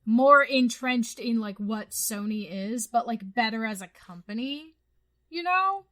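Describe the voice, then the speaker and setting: Loud, bright-voiced ranting young woman. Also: fairly high pitch, unhurried. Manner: ranting, profane, animated. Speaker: podcast co-host. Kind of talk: casual chat.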